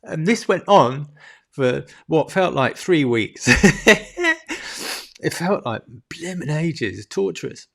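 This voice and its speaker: A man's voice: a little high, animated, slow, vocal fry, a bit bright. A man vlogging a candid, emotional personal story to the camera, laughing often and swearing freely.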